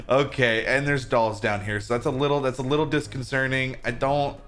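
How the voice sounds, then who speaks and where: A young man hosting a gaming video with friends, bursting into mock-panicked shrieks and then dropping to a low, gleeful mutter. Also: fairly even intonation, a little fast, few pauses, fairly bright tone, soft background music. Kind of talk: playing a game with friends, comic commentary.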